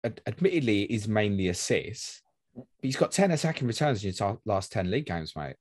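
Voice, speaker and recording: A man's voice: fairly low pitch, sing-song, a little fast, darkish tone, no echo, clean studio sound. A man hosting a casual podcast, chatty and rambling, swearing now and then. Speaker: podcast host. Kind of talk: casual fantasy football podcast chat.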